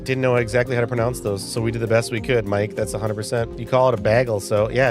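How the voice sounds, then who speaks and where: A man's voice: medium pitch, fairly even intonation, fast, few pauses, music in the background. A man in his forties hosting a live stream, playfully reacting to viewer comments in casual chat. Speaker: livestream host.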